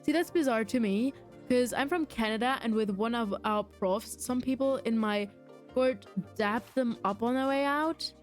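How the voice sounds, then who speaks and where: A woman's voice: on the high side, normal speed, faint music behind. A young adult woman streaming a game, rambling in casual chat, answering her viewers and laughing often. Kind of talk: casual chat while gaming, reading chat aloud.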